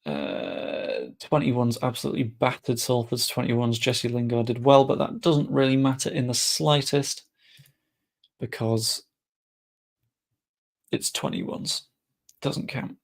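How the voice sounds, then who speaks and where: A man's voice: medium pitch, animated, slow pace, vocal fry, long pauses. A young man giving casual, chatty commentary while playing a game, muttering to himself and swearing offhand. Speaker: gaming streamer.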